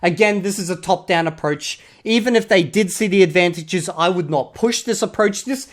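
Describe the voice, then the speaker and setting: Australian vlogger, mid-pitched, blunt and sweary; punctuates rants with "okay?". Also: normal speed. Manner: blunt and profane, repeatedly drops a prodding "okay?". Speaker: YouTuber critiquing online comments. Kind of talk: casual commentary.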